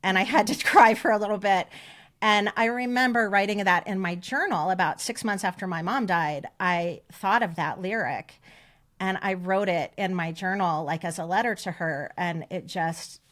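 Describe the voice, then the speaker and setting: A woman's voice: medium pitch, normal speed, a bit bright. A woman co-hosting a podcast, telling personal stories in a chatty, emotional way. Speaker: podcast co-host. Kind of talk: casual chat.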